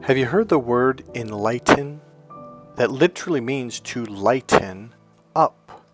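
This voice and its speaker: Animated man giving a motivational talk. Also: mid-range voice, takes it slowly, soft background music. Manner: animated and conversational, acts out quotes. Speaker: self-help speaker. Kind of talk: motivational talk with personal stories.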